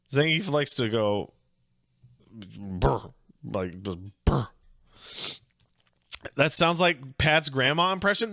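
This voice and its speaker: A man hosting a casual reaction show, swearing freely, laughing loudly and rambling in asides. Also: fairly high pitch, no room sound, studio quality. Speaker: host reacting to videos.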